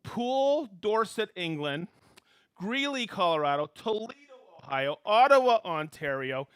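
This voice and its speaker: A man's voice: high voice, sing-song, a bit bright, clean tone. A man hosting a live stream, cheerfully greeting viewers by name and hometown. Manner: upbeat, reads out viewer names and hometowns with quick greetings and laughs.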